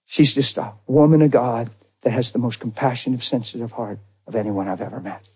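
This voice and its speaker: A man preaching a personal testimony, acting out the dialogue, swinging from near shouts to hushed tones. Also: mid-range voice, fairly quick, breathy edge. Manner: acts out dialogue in his story. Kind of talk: testimony sermon.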